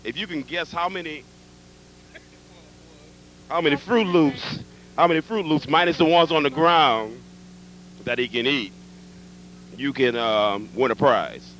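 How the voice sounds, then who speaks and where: A man's voice: a little high, unhurried, pauses often, a bit bright, poor audio. A man hosting a live overnight telethon, going from guest to guest and teasing them, on an old TV recording. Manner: teasing, playful. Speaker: roving on-air host. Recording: old live TV tape with faint noise.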